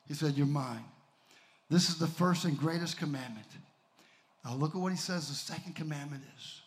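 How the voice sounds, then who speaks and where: A man with a high-pitched voice preaches a sermon, swinging between shouts and near whispers and calling out to the congregation.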